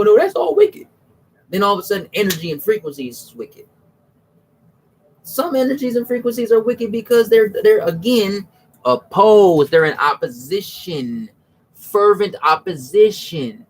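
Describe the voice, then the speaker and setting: A man talking casually about religion, slangy and restless, repeating "you know what I'm saying" and restarting his sentences. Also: slight background noise. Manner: animated, swings from low mutters to high exclamations. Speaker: religious commentator. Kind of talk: casual spoken monologue.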